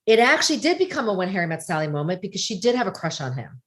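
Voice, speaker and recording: A woman talking as a guest on a casual podcast, her voice sitting at an ordinary middle pitch. She explains ideas in a lively, conversational way, stopping often to check in with a quick "right?". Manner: animated, explaining with frequent "right?" asides.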